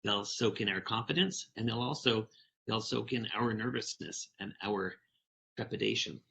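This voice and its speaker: A man's voice: fairly low pitch, normal speed, gravelly, fairly bright tone. A man giving a conference talk, animatedly reading a picture book aloud and telling stories to the audience. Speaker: keynote speaker.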